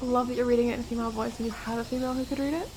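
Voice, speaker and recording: A woman co-hosting a let's play, chatting in a cheerful way, quick to agree and laugh. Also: a little high, level tone, a little mellow, a little hiss or hum, rough recording. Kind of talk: casual chat.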